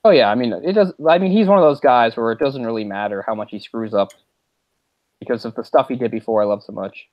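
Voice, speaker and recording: A man co-hosting a podcast, rambling through a casual movie chat, getting animated and laughing as he retells scenes. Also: medium pitch, quick pace, dull audio, a little hiss or hum. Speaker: podcast co-host.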